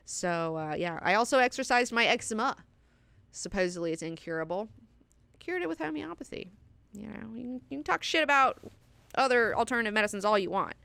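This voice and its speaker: A woman's voice: medium pitch, fast talker, gravelly, fairly bright tone, clean tone. A woman hosting a casual book class, chatty and candid, with frequent profanity and personal asides.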